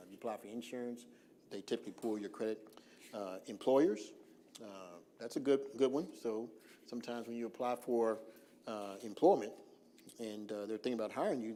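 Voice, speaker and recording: A man with a lowish, mellow voice talks a church group through credit basics. His delivery is loose and conversational, padded with "uh" and "um", and he slows down on purpose to drive a point home. A faint hum of ambience sits behind him. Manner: relaxed, lots of "uh" fillers, slows down deliberately for emphasis. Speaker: financial workshop presenter. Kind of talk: informal seminar talk. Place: church hall.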